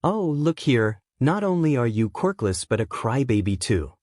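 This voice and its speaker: A jeering schoolyard bully boy with a taunting, sing-song way of talking, as a man reads him out. The voice sits at an ordinary middle pitch. It is recorded dry and close for a storybook reading. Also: very animated, normal speed, darkish tone, no room sound, lightly acted.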